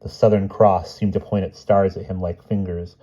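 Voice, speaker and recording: Brief: male storyteller with a deep, warm voice, savoring every list, on a muffled recording. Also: little pitch movement. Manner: measured, relishing word lists. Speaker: audiobook reader. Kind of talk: storybook reading aloud.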